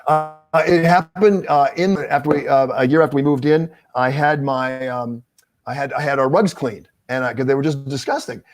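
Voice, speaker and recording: A man who works as a TV news anchor, speaking as a guest on a video call and telling lively anecdotes. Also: medium pitch, moderate pace, faint music behind. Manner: animated storyteller, acts out dialogue. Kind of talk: casual video-call interview.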